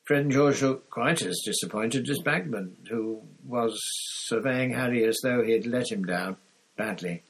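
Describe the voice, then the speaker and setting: Man reading a novel aloud, low voice, gravelly, husky, casual amateur reading with small slips. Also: normal speed, rough recording. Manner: unpolished reading with small fillers and restarts. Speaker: audiobook reader.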